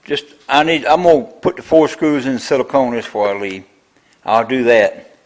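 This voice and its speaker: A man's voice: mid-range voice, expressive, moderate pace, poor audio. An older man, talking through a tractor build in his machine shop in a rambling, grumbling way. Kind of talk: casual workshop vlog.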